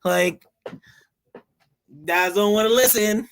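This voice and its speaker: Gravelly Philly man, dry close sound. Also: high voice, takes it slowly, no echo. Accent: Philadelphia with some Southern. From Philadelphia. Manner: animated storytelling, swears freely. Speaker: podcast host. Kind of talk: casual chat.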